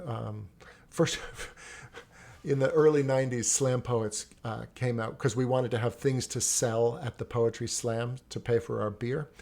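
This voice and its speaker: Gravelly yet a little mellow, this medium-pitched voice belongs to a middle-aged poet and teacher chatting in a casual interview. His stories wander, and he frequently breaks off to restart sentences.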